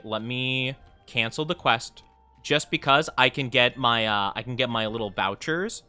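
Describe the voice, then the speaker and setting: A giggly man streaming a game, chatting to viewers in a playful ramble. His voice is bright and bouncy, swinging widely in pitch, with faint game music underneath. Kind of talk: casual live-stream chat while gaming.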